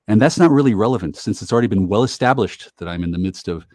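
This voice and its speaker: A man's voice: lowish voice, expressive, quick pace, a little mellow, dry recording, studio quality. A man streaming in a voice chat, ranting angrily and swearing often. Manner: profane angry ranting. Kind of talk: heated voice chat argument.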